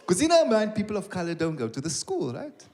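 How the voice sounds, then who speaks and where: Animated South African stand-up comedian. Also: male voice, sits high, fairly quick. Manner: animated storytelling with acted-out voices and asides to the crowd. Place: live comedy venue with an audience. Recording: loud live crowd and background noise. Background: audience laughter and applause.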